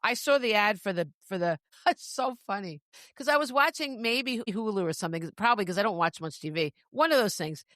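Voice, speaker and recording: A woman's voice: mid-range voice, expressive, fairly quick, few pauses, a bit bright, dry recording, studio quality. A woman co-hosting a podcast, chatting casually and often restarting her sentences. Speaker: podcast co-host. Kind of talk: casual chat.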